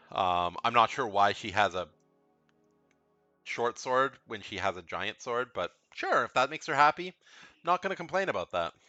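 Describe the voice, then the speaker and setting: A man's voice: medium pitch, animated, normal speed, long pauses, bright, forceful tone, no room sound, highs cut off, faint music behind. A man giving casual, rambling commentary as he ranks video game characters, frank and blunt, often repeating himself. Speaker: video game tier list creator.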